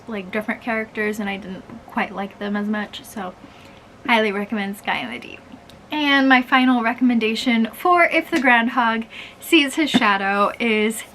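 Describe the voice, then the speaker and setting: A woman's voice: fairly high pitch, fairly bright tone, a little hiss or hum. A young woman chatting casually as a book vlogger, gushing, with many fillers. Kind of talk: casual chat.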